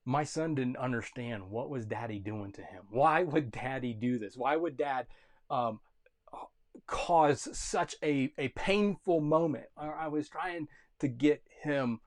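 A man in his thirties preaching a sermon, swinging between loud urgent calls and quiet, intimate storytelling. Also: medium pitch. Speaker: pastor.

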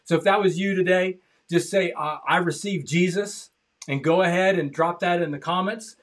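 A man's voice: high-pitched, normal speed. Passionate male pastor preaching. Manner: passionate, repeats phrases, swings from loud to hushed. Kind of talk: sermon. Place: church.

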